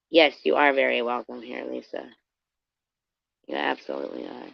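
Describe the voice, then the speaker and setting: A woman rambles through a casual live-stream chat with her viewers, cursing freely and calling out people in the chat by name. Her voice has a gravelly fry to it. The sound is dry and a bit dull, like lo-fi stream audio. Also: extremely low pitch, expressive, normal speed, dry recording.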